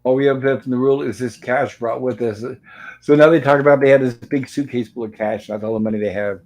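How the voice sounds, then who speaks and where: A man's voice: mid-range voice, fairly even intonation, quick pace, darkish tone, low-quality recording. Casual man recapping old TV episodes. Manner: retells scenes, reading character lines aloud, with dry asides. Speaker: show host reviewing old TV episodes.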